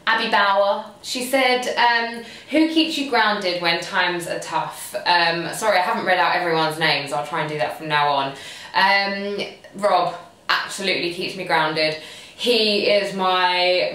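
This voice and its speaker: A young woman with a slightly low voice rambles happily through viewer questions, leaning on "um" and "like". Her voice sits back from the mic and rings around a strongly echoing room. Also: measured pace, bright, forceful tone. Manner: chatty and gushing, full of "um" and "like" fillers. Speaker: lifestyle and fitness blogger. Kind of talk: casual Q&A vlog. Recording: very echoey room, voice far from the mic.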